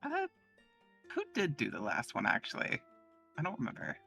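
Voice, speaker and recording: A woman with a very deep, gravelly voice gives short, relaxed replies on a stream. Her pitch moves freely despite how low it sits, and she sounds quiet and easygoing. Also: normal speed, soft background music. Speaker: co-host voice actor. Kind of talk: casual chat on a stream.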